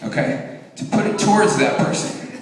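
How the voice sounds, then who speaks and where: A high-pitched man in his thirties does profane stand-up at a comedy venue, speaking at a moderate pace over crowd noise. He acts out voices through animated stories, and the sound is distant with hall echo.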